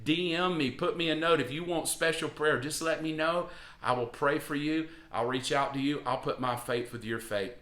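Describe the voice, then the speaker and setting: Earnest, bright-voiced man preaching. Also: normal speed, reverberant. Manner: earnest, encouraging, rising emphatic pitch. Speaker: pastor. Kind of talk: devotional sermon.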